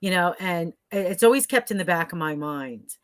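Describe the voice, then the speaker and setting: A woman's voice: on the low side, lively intonation, moderate pace, dry recording. A middle-aged woman as a podcast guest, speaking earnestly and reflectively, often ending with "right?" and laughing easily. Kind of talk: conversational interview.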